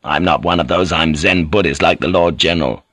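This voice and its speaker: A man reading an audiobook, voicing a rough, scornful male samurai guard who speaks coarsely and bluntly. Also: low-pitched, brisk, pushed and bright, no room sound, clean studio sound, pitched below the performer's own voice.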